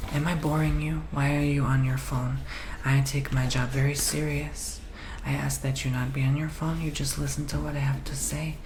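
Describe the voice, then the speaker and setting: A man's voice: medium pitch, reverberant, noisy background, natural voice. A man whispering in a role-play as a pushy, rude male timeshare salesman who presses hard for a sale. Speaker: ASMR role-player.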